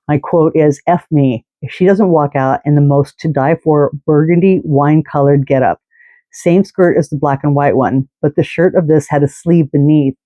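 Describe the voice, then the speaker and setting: A fan podcast host, a man with a slightly high voice, tells a long, meandering story in a relaxed, chatty way, full of fillers and false starts. The recording is dry and lo-fi.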